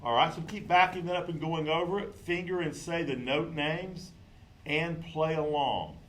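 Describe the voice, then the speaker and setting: A man's voice: a little high, moderate pace, a bit bright, rough recording. Patient man teaching clarinet. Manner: patient, counts in and calls out note names. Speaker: music teacher. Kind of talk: instructional clarinet lesson.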